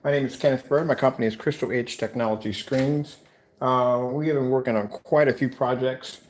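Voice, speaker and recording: A man's voice: medium pitch, steady tone, a little fast, a little hiss or hum. Rambling tired man with many fillers. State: tired, yawning. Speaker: small business owner presenting a product. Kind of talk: casual product vlog.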